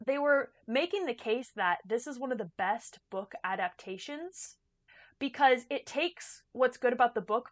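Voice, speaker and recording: A woman's voice: fairly high pitch, fairly bright tone, dry recording. Chatty woman co-host, dry close sound. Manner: chatty, laughs easily, explains background. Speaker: podcast co-host. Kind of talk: casual movie chat.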